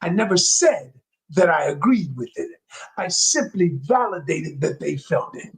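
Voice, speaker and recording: A man coaching an audience, talking emphatically, repeating key phrases and speaking straight to his listeners, sometimes lowering his voice to show calm. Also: a little slow, vocal fry, husky, poor audio. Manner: emphatic and repetitive, addresses listeners directly; drops his voice low to demonstrate calm. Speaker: communication coach. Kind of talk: motivational talk to an audience.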